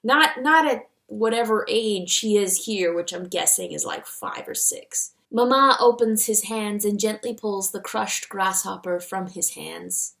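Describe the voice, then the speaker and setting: A woman's voice: medium pitch, animated, a little slow, creaky, hardly any pauses, fairly bright tone. Wry woman mocking her own writing. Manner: wry, self-mocking, sarcastic. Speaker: fanfiction author reviewing her own story. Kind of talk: comedic commentary and reading aloud.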